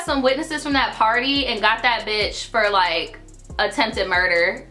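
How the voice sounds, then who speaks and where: Young woman storytime host, sassy and blunt, bright edgy voice, a little music in the back. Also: a little high, unhurried. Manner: sassy, blunt, profane asides. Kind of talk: reading viewer stories with commentary.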